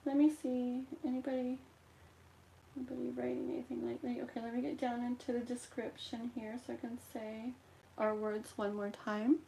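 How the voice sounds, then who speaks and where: Woman, higher voice, gentle and repetitive, live-stream ritual host, hiccuping. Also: level tone, normal speed, creaky, slight background noise. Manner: gentle, repetitive, reassuring with frequent "okay".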